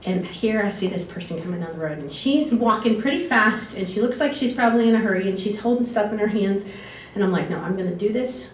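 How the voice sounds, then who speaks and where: A woman's voice: medium pitch, quick pace. A woman telling personal stories in a chatty way, wandering off on tangents and laughing often. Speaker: former exchange student telling stories. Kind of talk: casual storytelling talk. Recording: echoey room, distant mic, faint background hiss.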